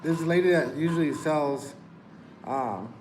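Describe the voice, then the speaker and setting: A man's voice: fairly high pitch, unhurried, a little mellow, a little hiss or hum, poor audio. A man chatting casually with his wife on a live stream, speaking hesitantly with many fillers. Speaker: co-host, host's husband.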